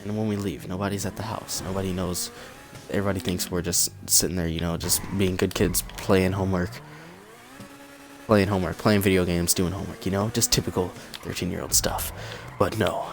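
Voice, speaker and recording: A young man tells a story on his vlog in a relaxed, chatty way. He gets animated and acts out what people said. His voice sits fairly low, with a faint hiss underneath. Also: a little fast, vocal fry. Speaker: vlogger. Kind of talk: casual storytime. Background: cat in the room.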